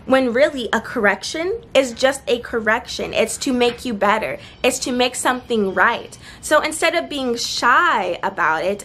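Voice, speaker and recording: A woman's voice: a little high, a bit bright, slight background noise. A young woman in a casual vlog giving earnest, encouraging speaking tips, recorded outdoors with seagulls nearby. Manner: earnest, encouraging, slows for emphasis. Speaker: vlogger giving confidence tips.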